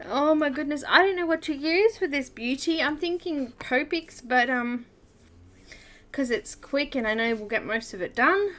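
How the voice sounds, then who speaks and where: A woman's voice: high voice, a little slow, long pauses, a bit bright. A woman hosting a live coloring stream, chatting casually, giggling often and greeting viewers by name. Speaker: coloring livestream host.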